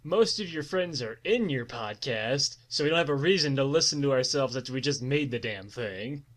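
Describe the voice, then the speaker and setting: A man's voice: mid-range voice, expressive, moderate pace. A young man co-hosting a podcast in casual chat, sarcastic and swearing freely. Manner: crude, sarcastic, heavy swearing. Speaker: podcast co-host.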